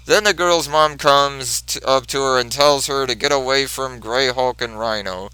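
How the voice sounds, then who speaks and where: A man's voice: mid-range voice, normal speed, hardly any pauses, sharp tone, clear, resonant tone, dry recording, rough recording. A man reviewing a comic book, retelling the story step by step. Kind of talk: comic book recap narration.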